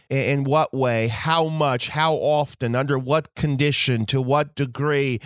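Man, pastor preaching, mid-pitched voice, dry close sound, deliberate emphatic delivery. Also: fairly bright tone, no room sound. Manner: slow, emphatic preaching with drawn-out key phrases. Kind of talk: sermon.

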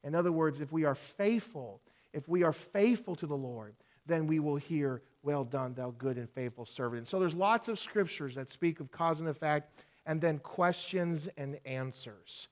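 A man with a somewhat higher voice delivers a sermon as a pastor. He teaches in an earnest way, posing rhetorical questions and slowing down to repeat key phrases for emphasis.

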